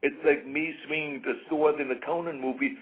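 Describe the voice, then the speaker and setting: A man's voice: on the high side, fairly even intonation, fairly quick, a little hiss or hum. Emphatic man on a tinny line. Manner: emphatic, repeats points, acts out quoted voices. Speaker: interview guest. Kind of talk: casual interview talk. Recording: tinny phone-like radio sound.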